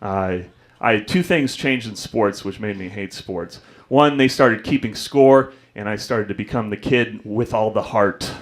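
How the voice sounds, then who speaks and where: A man's voice: lowish voice, measured pace. A young man doing a stand-up comedy set on a club stage, telling self-deprecating stories and acting out the people in them. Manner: self-deprecating storytelling, acts out voices.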